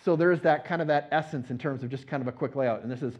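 A man preaching an earnest teaching sermon, repeating key phrases and swelling louder on them. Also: medium pitch, fast. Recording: dull lo-fi recording.

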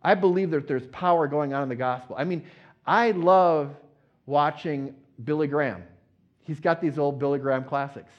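Guy preaching a sermon, kinda high voice, earnest, gets loud on the big lines, muffled recording. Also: normal speed. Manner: earnest, repetitive emphasis, swells louder on key phrases. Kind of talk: teaching sermon. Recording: dull lo-fi recording.

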